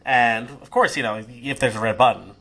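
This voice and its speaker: A man narrating a tabletop game as game master in a relaxed, conversational way. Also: medium pitch, moderate pace, gravelly, a crowd in the background, rough recording.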